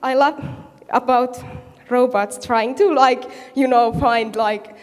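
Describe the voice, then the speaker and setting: A woman's voice: a little high, fairly even intonation, slow pace, a little mellow. A woman, an audience member at a convention panel, rambling nervously and losing her thread. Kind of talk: casual chat at a panel. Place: convention hall. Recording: hall reverb.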